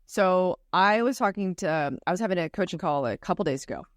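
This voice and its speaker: A woman's voice: lowish voice, lively intonation, brisk, no room sound, clean studio sound. A woman co-hosting a podcast, talking bluntly and casually, with some swearing. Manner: blunt and swearing, laughs easily. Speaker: podcast co-host.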